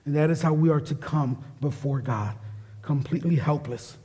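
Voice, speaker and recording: A man's voice: a little high, moderate pace, mellow, long reverb tail. A male pastor and parent preaching a sermon, emphatic, often repeating his key phrases. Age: adult parent. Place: church sanctuary.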